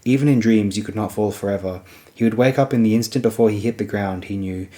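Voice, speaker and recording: A man narrating a fantasy novel as an audiobook in a steady storytelling manner. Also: fairly low pitch, fast talker.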